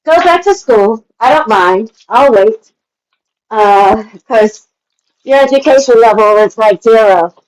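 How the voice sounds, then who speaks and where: 70s woman, somewhat high voice, lecturing and condescending on a livestream panel argument. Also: lively intonation, a little slow, rough recording. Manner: scolding, condescending, talks over others.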